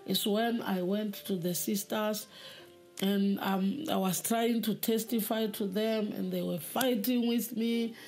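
A woman giving a spoken testimony in an earnest, halting way, often repeating words. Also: medium pitch, fairly even intonation, a little mellow. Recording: faint music behind.

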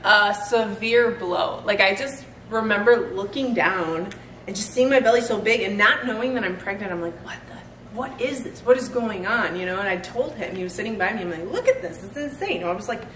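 A woman's voice: medium pitch, a little fast, a bit bright, far from the mic. A woman in her thirties chatting casually in a vlog, laughing often as she talks. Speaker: fitness vlogger. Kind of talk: casual chat. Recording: roomy sound from off-mic, faint noise.

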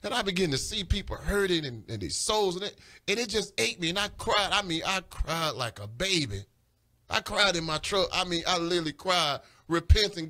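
This radio preacher's voice sits high, and he talks a bit quickly in a pushed, bright, animated way. Recorded on a studio mic, his religious sermon grows more fervent until his voice climbs into urgent pleading.

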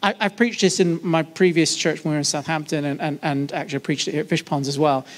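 A man preaching to a church congregation in a lively, conversational way, joking and asking the audience questions. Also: on the high side, quick pace. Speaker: guest preacher. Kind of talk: sermon. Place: church service.

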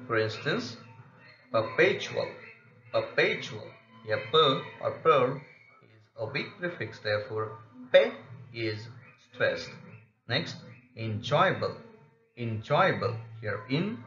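Slow, deliberate male English teacher. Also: medium pitch, sing-song, pushed and bright, faint music behind. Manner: deliberate, methodical, repeats example words. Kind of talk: scripted pronunciation lesson. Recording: echoey room, slightly muffled lo-fi sound.

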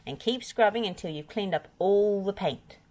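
A woman's voice: medium pitch, moderate pace, a little mellow, voice pushed up, natural voice. A woman voicing a male farmer in a storybook who scolds and calls out. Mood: stern. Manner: calling out, scolding. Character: gruff male farmer, stern when cross.

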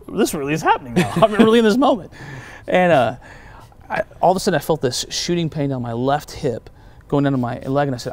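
Animated male pastor telling stories. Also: medium pitch. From United States. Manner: animated storyteller acting out quoted voices. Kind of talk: storytelling testimony in a conversation.

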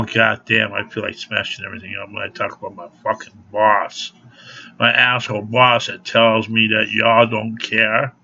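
A man's voice: fairly low pitch, creaky, bright, forceful tone, slight background noise. A man ranting angrily to camera at home in a vlog, cursing freely and laughing through his anger. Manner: profane, angry ranting. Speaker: vlogger. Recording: dull lo-fi recording.

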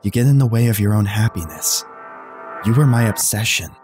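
A man reading aloud the slow, somber lines of a cold, cruel mysterious date in a game. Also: fairly low pitch, animated, darkish tone, close to an everyday voice. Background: music.

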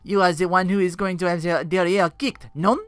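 A woman's voice: lowish voice, steady tone, dry recording, voice pushed up, lightly acted. A woman voicing a flirty, scheming female jester with a put-on French accent, drawing her words out teasingly. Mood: mocking. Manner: purring, drawn-out, teasing.

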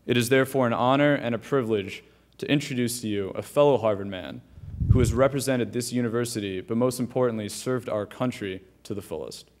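A young man acting as student host, reading a formal, deliberate introduction of a guest speaker. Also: medium pitch.

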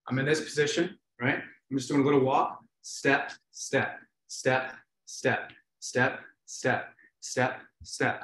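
A man's voice: a little high, a bit bright. A man hosting a live webinar, coaching hip exercises in an encouraging, easygoing way. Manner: encouraging, easygoing, repeats cues.

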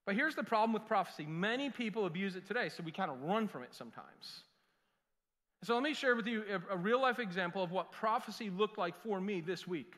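A middle-aged pastor preaches a sermon, his voice sitting high and bright with a sharp, forceful edge. He tells animated, jokey stories and slips into quick voices for the people he quotes. The sound rings out with the long reverb of a church sanctuary.

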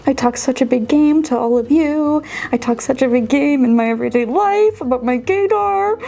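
A woman with a high voice talks her way through a reaction video in a chatty, self-mocking way. She laughs often and second-guesses herself out loud. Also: normal speed, creaky. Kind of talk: casual reaction commentary.

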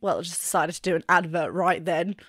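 A woman's voice: on the low side, fairly quick, music in the background. A woman vocal coach reacting to a singing performance and analysing the technique, eagerly breaking into short sung examples as she explains. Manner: enthusiastic, demonstrates notes by singing snippets.

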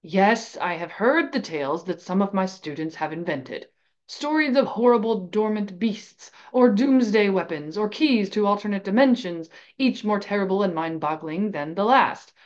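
A menacing male wizard professor, as a woman reader puts him on. He issues threats in a slow, low, deliberate hush, cold and imperious rather than loud. The recording sounds a little dull and lo-fi. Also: expressive, lightly acted. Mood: coldly menacing.

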